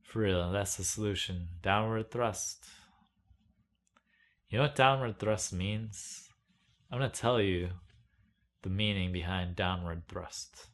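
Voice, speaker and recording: A man's voice: deep voice, measured pace, fairly bright tone. A young man rambling in a casual monologue, meandering and self-mocking, full of "like"s. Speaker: video blogger.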